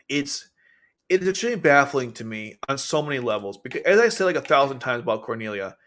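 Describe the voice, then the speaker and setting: A man streaming casual commentary on an anime, animated and quick to act out characters' lines. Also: medium pitch.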